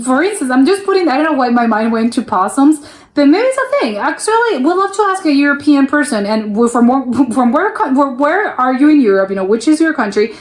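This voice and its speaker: A chatty young woman from the US talks through a reaction video in a casual, unscripted way. Her voice sits a little high, and her thoughts wander and double back before she finds the point. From United States. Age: young adult. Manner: rambling, self-interrupting, laughs often.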